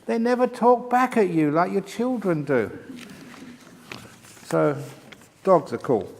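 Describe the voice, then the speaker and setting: A man's voice: high voice, big pitch swings, slow, creaky, big-room sound, slight background noise. An older man, a Buddhist monk, answering retreat questions with jokes and laughing at his own punchlines. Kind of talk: humorous Q&A talk. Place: meditation retreat hall.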